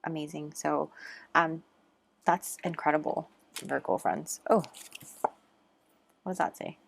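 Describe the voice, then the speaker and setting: A woman's voice: deep voice, fairly even intonation, takes it slowly, vocal fry, slight background noise. A woman giving a casual, chatty tarot reading, earnest and encouraging, with lots of fillers. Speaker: tarot reader.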